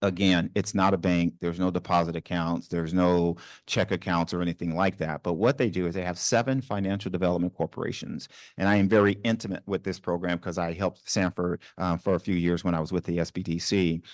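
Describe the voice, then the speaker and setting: A man's voice: low-pitched, a little mellow, dry recording, clean studio sound. A man with a Southern accent from New Orleans, speaking on a business panel to a live audience in a conversational way, with many ums and restarts. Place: university event room.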